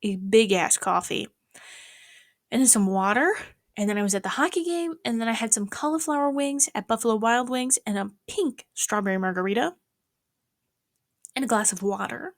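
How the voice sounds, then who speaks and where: A woman's voice: on the high side, normal speed, no echo, studio quality. A young woman chatting casually in a rambling vlog about her day, sometimes dropping to a whisper. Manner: rambling, animated, swings into whispers. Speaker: vlogger. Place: small apartment at night.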